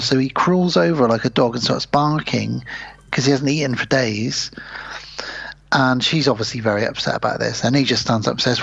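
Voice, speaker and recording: A man co-hosting a podcast, retelling film scenes in casual chat and slipping into animated voices for the characters. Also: mid-range voice, fairly quick, vocal fry, husky, dry recording. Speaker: podcast co-host. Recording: slightly muffled dry podcast audio.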